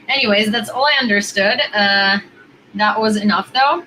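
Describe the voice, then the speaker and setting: A woman's voice: mid-range voice, normal speed, pushed and bright, a little hiss or hum, rough recording. A young woman vlogging in a casual, rambling way, full of fillers and repeated words as she chats with strangers. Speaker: video chat vlogger. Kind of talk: casual vlog chat.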